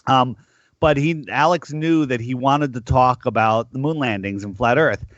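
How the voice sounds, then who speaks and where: A man calling into a casual podcast as a guest, speaking in a measured way with frequent filler pauses. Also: mid-range voice, fairly bright tone, no echo, lo-fi sound. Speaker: guest caller. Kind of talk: casual call-in chat.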